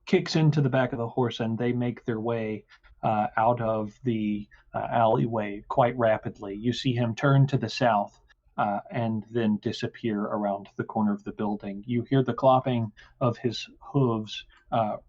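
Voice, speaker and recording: A man narrating a tabletop game as game master, halting and full of fillers, in slightly muffled audio. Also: medium pitch, steady tone, a little mellow.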